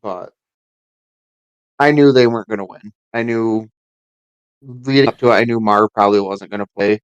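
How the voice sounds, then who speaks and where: Low, smooth-voiced man rambling on a podcast. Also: no room sound, highs cut off. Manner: rambling, halting restarts. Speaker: podcast co-host. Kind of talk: casual sports chat.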